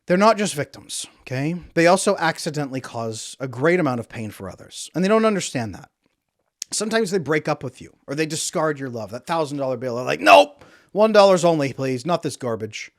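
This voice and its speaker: A man's voice: on the high side, animated, fairly quick, no room sound, studio quality. A man working as a relationship coach, talking to camera in an emphatic, repetitive way and acting out quotes.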